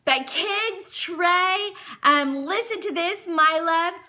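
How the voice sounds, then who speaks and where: A woman, hosting a home livestream and gently teaching manners, reading aloud slowly to a child. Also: very high voice. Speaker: parenting livestream host. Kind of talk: casual teaching to viewers and child. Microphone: phone livestream.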